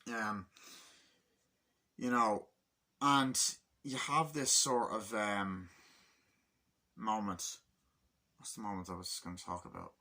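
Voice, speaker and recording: Male film reviewer, casual and profane, slightly low voice with bright edge, keeps acting out scenes. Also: steady tone, slow pace, long pauses. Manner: rambling, swears a lot, acts out movie lines. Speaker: movie reviewer.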